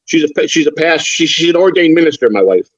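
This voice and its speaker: A man's voice: a little high, animated, fast, dry recording, highs cut off. An older man talking on a live stream as a guest, rambling and frank, with frequent stammered restarts. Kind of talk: casual chat.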